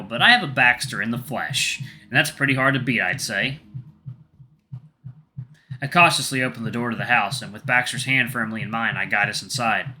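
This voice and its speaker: A man, a gaming channel host, reading a visual novel aloud in soft first-person narration with crude asides. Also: fairly low pitch.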